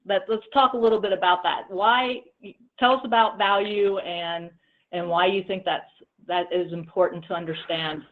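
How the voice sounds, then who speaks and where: A woman's voice: medium pitch, steady tone, normal speed. A woman hosting a casual interview chat, friendly with hesitant ums. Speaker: host. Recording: tinny phone-like line.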